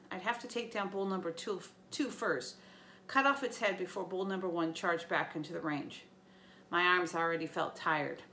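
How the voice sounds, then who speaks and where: A woman teacher reading a novel aloud to her students, with lively storytelling and small slips. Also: fairly low pitch, gravelly, slight background noise.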